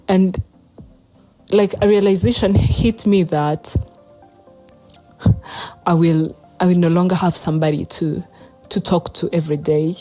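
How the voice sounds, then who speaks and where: A woman's voice: fairly low pitch, steady tone, normal speed, warm tone, soft background music. A young adult woman hosting a podcast, telling a personal story in a rambling, chatty way, laughing often and swearing casually. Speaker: podcast host.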